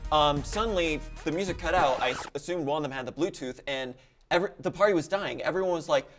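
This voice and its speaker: A man's voice: on the high side, fast talker, soft background music. Young man spinning a comic tall tale. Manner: animated, jokey, with quoted voices. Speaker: panelist telling a tall tale. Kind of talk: comedic storytelling.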